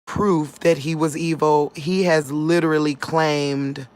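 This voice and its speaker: Woman vlogger, lowish voice, emotional and chatty. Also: takes it slowly. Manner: emotional, talks straight to viewers, animated. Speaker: vlogger sharing dreams. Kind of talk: casual storytelling to viewers.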